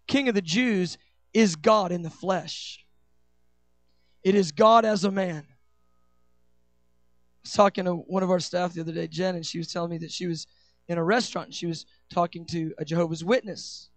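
A pastor preaching a sermon, rushing through quick asides, then slowing and rising into loud, shouted declarations. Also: male voice, sits high, no room sound, soft background music.

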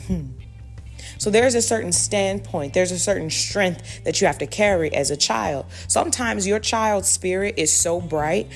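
A woman speaking fervently as a Christian parenting speaker, teaching in a preacherly way. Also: on the low side. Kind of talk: spiritual teaching monologue.

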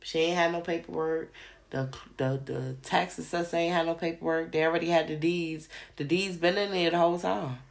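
A woman's voice: on the low side, steady tone, normal speed, vocal fry. A woman host delivering a heated, profane monologue on her podcast, hammering rhetorical questions. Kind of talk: ranting monologue.

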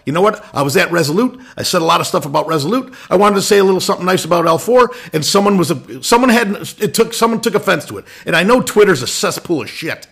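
Male host, blunt swearing rant, bright husky tone, pitched a bit high. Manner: blunt, swears, ranting, many restarts. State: irritated. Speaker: lacrosse podcast host. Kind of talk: opinion rant.

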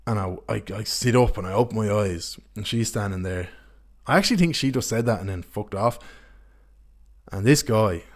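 A young man hosting a podcast, telling candid, rambling, sweary anecdotes in casual chat. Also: on the low side. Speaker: podcast host.

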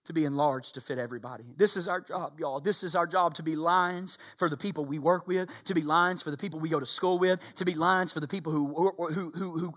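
Man, middle-aged, pastor preaching, high voice, quiet stretches then loud shouting. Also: a little fast. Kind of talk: sermon.

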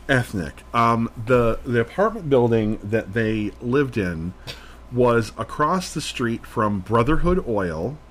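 A man co-hosting a podcast, telling a story in casual chat, rambling and animated, full of "like". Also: mid-range voice, slow pace, slight background noise. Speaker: podcast co-host.

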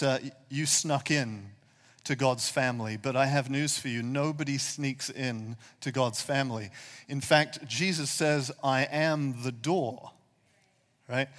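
A man's voice: a little high, fairly bright tone. A pastor preaching a sermon to his congregation, speaking earnestly and emphatically with many rhetorical questions. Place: church sanctuary with a reverberant hall. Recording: long hall reverb.

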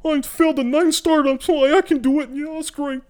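Man mimicking a squeaky-high, breathless, gushing young influencer. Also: fairly even intonation, a little fast, darkish tone.

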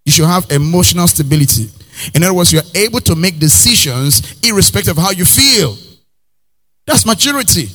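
A man preaching a sermon in a Nigerian accent, animated, acting out little scenes and slipping into pidgin phrases. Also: a little high, fast talker. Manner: animated preaching, acts out characters, slips into pidgin. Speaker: pastor.

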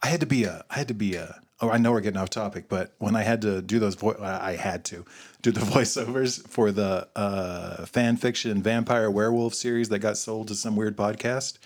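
A man's voice: fairly low pitch, fairly quick. A man co-hosting a podcast, teasing his friend in crude, joking banter and swearing freely. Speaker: podcast co-host.

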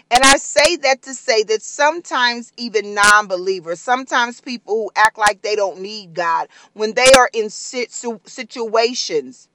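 A preacher delivering an emotional sermon, breaking into shouted whoops and drawing phrases out slowly. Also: medium pitch, crowd noise, low-quality recording. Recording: loud background noise, vehicle sounds.

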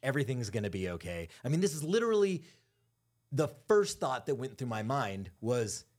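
A podcast co-host with a medium-pitched, sing-song, somewhat dark voice speaks at a normal pace. In casual chat he tells a candid, profane story, acting out the quotes.

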